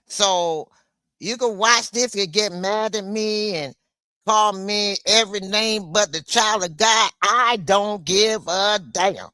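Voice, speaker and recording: Angry woman ranting slowly. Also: mid-range voice, pushed and bright, no echo, clean studio sound. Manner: angry, blunt, swearing; slow, deliberate delivery. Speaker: livestreamer. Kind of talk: political rant.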